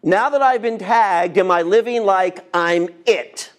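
Man, fifties, pastor preaching, high voice, impassioned, rhetorical questions, hushed on key words. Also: unhurried. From United States. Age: 50s. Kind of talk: sermon.

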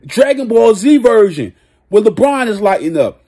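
A man rants about basketball straight to his viewers. His voice sits high and a little husky. He drops into a low, slow drawl, then jumps up into loud shouts. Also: very animated. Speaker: sports vlogger. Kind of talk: excited casual basketball rant.

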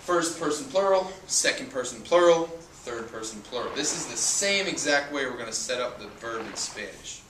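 A male teacher walks through a lesson patiently, repeating words and spelling out their endings. His voice sits at an ordinary pitch but sounds roomy and set back from the mic. Steady noise runs under it. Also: moderate pace, few pauses, recorded from a distance. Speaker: Spanish teacher. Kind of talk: explanatory lesson. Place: outdoors at a beach.

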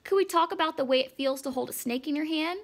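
A woman's voice: high voice, fast talker. A woman voicing an eager young schoolboy.

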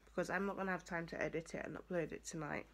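A young woman, a student, talking casually to the camera in a rambling vlog, with lots of fillers and a rough, hoarse voice. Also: lowish voice, steady tone, fast, fairly bright tone, slight background noise. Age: young adult. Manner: chatty, rambling with many fillers. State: hoarse morning voice. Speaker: student vlogger.

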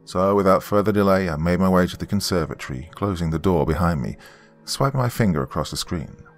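A man narrating a horror story in an expressive, scripted storytelling way. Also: low-pitched, brisk. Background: faint background music.

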